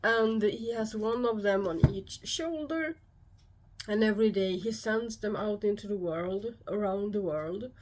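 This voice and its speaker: A woman with a Swedish accent, a YouTube host talking alone to camera, calm and measured, often pausing. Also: medium pitch, slight background noise. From Sweden. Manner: calm, measured explaining with frequent pauses. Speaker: YouTube host and shamanic practitioner. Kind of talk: solo explanatory talk to camera.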